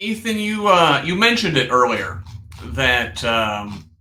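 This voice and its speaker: A man's voice: medium pitch, sing-song, slow pace, bright, forceful tone, echoey room, slight background noise, low-quality recording. A man on a discussion panel, speaking sardonically with frequent restarts. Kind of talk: political discussion.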